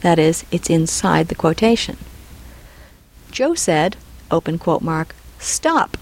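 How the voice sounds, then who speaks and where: A woman's voice: deep voice, normal speed, a little mellow, low-quality recording. A woman narrating a scripted lesson on punctuation, reading example dialogue aloud and naming each punctuation mark. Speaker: writing instructor.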